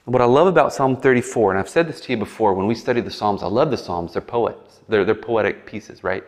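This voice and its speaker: A man preaching a casual sermon in a conversational way, acting out quick voices and animated asides. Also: fairly low pitch. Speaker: pastor. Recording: long hall reverb.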